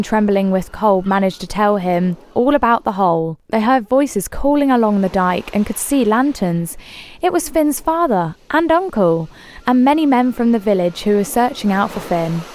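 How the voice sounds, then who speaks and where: A woman reading a children's folk tale aloud in a calm, plain way. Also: medium pitch, a little hiss or hum. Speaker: story reader. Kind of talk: storybook reading.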